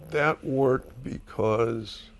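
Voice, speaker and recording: An older man with a gravelly, creaky voice tells stories candidly in an interview. He is animated and emphatic and swears freely. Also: medium pitch, extremely slow. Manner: animated storyteller, profane and emphatic. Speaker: screenwriter being interviewed.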